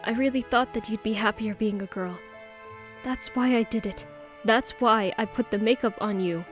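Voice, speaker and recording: A woman's voice: a little high, moderate pace, faint music behind, close to an everyday voice. A woman voicing an anguished, tearful young trans man confessing to his boyfriend in an audiobook. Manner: emotional, pleading and tearful.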